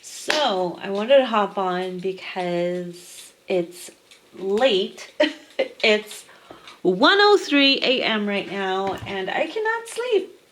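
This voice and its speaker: A woman's voice: medium pitch, sing-song, drawn-out words, fairly bright tone, a little hiss or hum. Chatty woman rambling late at night. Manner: rambling, chatty, sprinkled with swearing. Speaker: tarot reader. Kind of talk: casual late-night chat to viewers.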